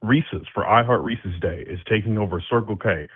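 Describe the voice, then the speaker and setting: Flustered caller on a tinny phone line. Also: male voice, lowish voice, moderate pace, husky, no echo. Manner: flustered, apologetic, stumbling. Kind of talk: call-in question.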